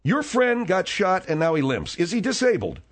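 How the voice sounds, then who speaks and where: A man hosting a comic talk radio show, gruff, mocking and impatient. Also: sits high, huge pitch swings, moderate pace.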